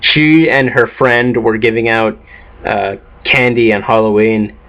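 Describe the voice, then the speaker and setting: A man's voice: mid-range voice, fairly even intonation, measured pace. A teenage boy vlogging in a casual, rambling way, offhand and swearing a lot, tired from lack of sleep. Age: teens. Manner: profane, offhand, self-mocking. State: sleep-deprived. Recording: dull lo-fi home recording.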